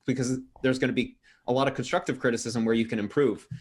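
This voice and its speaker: A man's voice: mid-range voice, steady tone, quick pace, darkish tone, slightly rough. A man hosting his own channel, interviewing a guest in an earnest, agreeable way and asking direct questions. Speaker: channel host. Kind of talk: casual interview chat.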